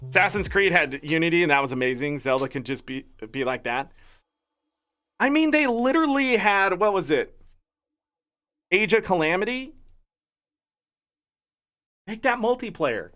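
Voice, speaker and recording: A man streaming games, ranting in casual chat with animated, indignant talk. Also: sits high, moderate pace, long pauses, soft background music. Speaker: gaming streamer.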